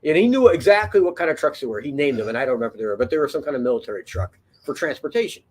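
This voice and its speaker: Husky, rambling storyteller man. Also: medium pitch, expressive, very fast, darkish tone. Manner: rambling, profane, lots of fillers and restarts. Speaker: podcast host. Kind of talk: casual storytelling.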